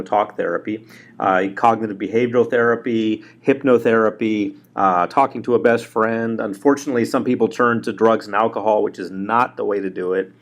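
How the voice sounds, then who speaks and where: A man being interviewed as a guest hypnotherapist, speaking in a relaxed, joking way and laughing easily. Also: lowish voice. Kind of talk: casual interview over the phone.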